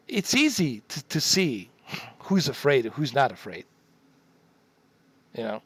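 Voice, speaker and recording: A man's voice: medium pitch, dry recording. A middle-aged man casually telling a story to his viewers, profane and rambling, repeating himself for emphasis.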